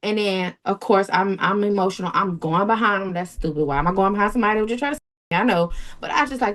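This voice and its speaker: Fast and fairly bright, this young woman's mid-range voice pours out an emotional account of something she went through. As an interview guest, she repeats herself, starts over, and acts out what others said in their voices.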